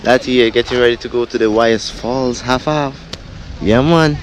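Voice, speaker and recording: A Jamaican man from Jamaica introducing himself to the camera outdoors in a relaxed, playful chat. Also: medium pitch, normal speed. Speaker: local friend on camera. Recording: loud outdoor noise.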